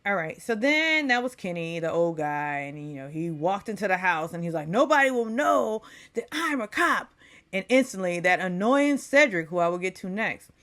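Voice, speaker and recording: A Texas vlogger recaps a reality show in a casual, opinionated, chatty way, mocking people in put-on quoted voices. Her fairly low, expressive voice is fairly bright and runs at normal speed with hardly a pause.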